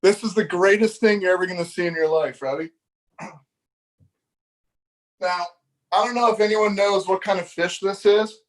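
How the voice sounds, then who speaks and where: A middle-aged man tells a fishing story in a high, bright voice. He keeps laughing and acts out what everyone said in the story, loose and chatty as a live-show guest. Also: moderate pace, pauses often. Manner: animated, laughing, acts out dialogue. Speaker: fishing magazine editor, guest.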